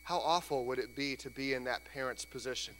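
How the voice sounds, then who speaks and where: Pastor preaching in a reverberant church. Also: male voice, medium pitch, fairly quick, a bit bright. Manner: conversational preaching, acts out quoted voices. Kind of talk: sermon. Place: church sanctuary. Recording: church hall reverb, faint hum.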